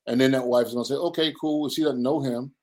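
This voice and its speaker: Man, 50s, pastor, earnest preacherly delivery, interview guest, medium pitch. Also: steady tone, fast, warm tone, low-quality recording. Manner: earnest, preacherly, acts out quoted voices. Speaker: guest, pastor and men's ministry leader. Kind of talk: conversational interview.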